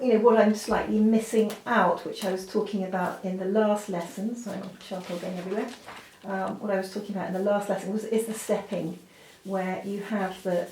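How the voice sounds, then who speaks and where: A woman's voice: medium pitch, a little mellow. Woman art teacher demonstrating at the easel, chatty and apologetic, mic at a distance in an echoey room. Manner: chatty, full of fillers, apologetic asides. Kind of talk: drawing lesson demonstration. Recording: roomy, from a distance, faint noise.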